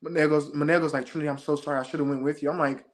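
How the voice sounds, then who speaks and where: A young man, a former game show contestant, retelling his experience as an interview guest in an excited, fast-moving casual chat. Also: a little high. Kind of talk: animated storytelling in casual chat.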